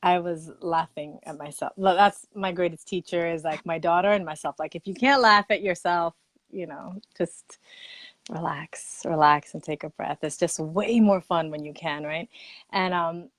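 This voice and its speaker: A woman speaking as a guest expert in a casual livestream chat. She tells her stories with animated energy, laughing easily and acting out quoted lines. The sound is dry and close. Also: lowish voice, moderate pace, no echo.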